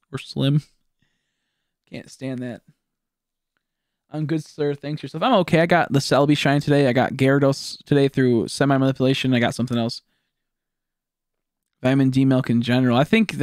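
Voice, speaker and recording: A man's voice: medium pitch, no echo, studio quality. A young man from Texas with a Texan accent, rambling, joking and swearing as he chats with viewers during a game stream. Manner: rambling, swearing, jokey, chatting with viewers while playing. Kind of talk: casual live-stream gaming chat.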